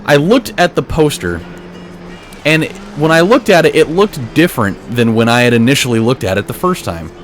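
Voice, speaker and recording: A man's voice: mid-range voice, expressive, moderate pace. Let's play host, man, middle voice, rambling, swears, faint music behind. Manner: rambling, many restarts, swears freely. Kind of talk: casual gameplay commentary, telling a dream.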